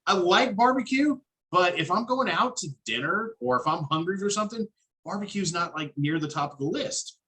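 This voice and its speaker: A man hosts a podcast interview with a crisp, bright voice in an easygoing style. He rambles casually between questions and swears offhandedly now and then. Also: sits high, animated, brisk, low-quality recording. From Dallas, Texas. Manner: laid-back, chatty, casual swearing. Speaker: podcast host.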